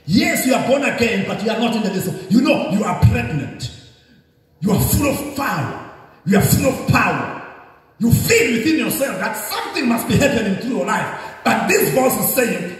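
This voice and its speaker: Man, bishop preaching, high voice, animated, emphatic sermon, heavy hall echo. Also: normal speed. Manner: emphatic, repetitive call-and-response preaching. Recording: echoey hall, distant mic.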